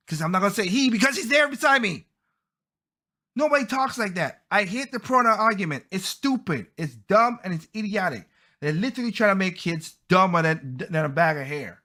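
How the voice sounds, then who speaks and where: A man's voice: sits high, expressive, a little fast, pushed and bright. A man hosting a podcast, giving heated, blunt opinion commentary and often stumbling over and repeating his words. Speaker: podcast host.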